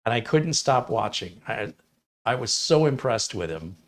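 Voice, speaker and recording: A man's voice: medium pitch, big pitch swings, measured pace. A man in his fifties from Michigan, a computer technician chatting casually with viewers on a livestream in a wry, opinionated manner with sarcastic asides. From Michigan, USA. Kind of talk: casual chat answering viewers.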